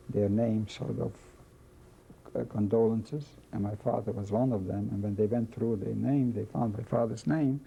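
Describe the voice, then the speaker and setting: An older man with a dark, gravelly voice recounts his memories in a slow, halting oral history testimony, circling back over his words. The recording is dull and lo-fi, with a faint hiss underneath. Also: fairly low pitch. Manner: halting, repeats phrases, slow reflective storytelling. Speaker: witness telling his life story.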